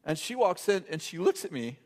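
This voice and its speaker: A middle-aged male pastor tells a story from the pulpit, his voice sitting fairly high for a man. He wanders through the tale, stopping and restarting sentences and laughing along the way. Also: very animated, brisk. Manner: rambling, self-interrupting, laughing through a funny story. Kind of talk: sermon storytelling. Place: church sanctuary.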